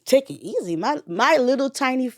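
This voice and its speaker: Candid, animated woman telling her story. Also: sits high, moderate pace, no echo, studio quality. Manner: candid and animated, with blunt slang and swearing. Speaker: mother sharing her son's story. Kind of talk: casual interview storytelling.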